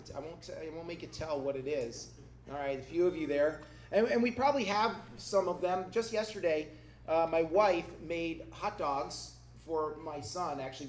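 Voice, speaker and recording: A middle-aged man, a pastor, giving a conversational sermon with humorous personal stories to a congregation. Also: on the high side. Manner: humorous, conversational, acts out quoted voices. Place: church hall before a congregation. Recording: echoey room with faint noise.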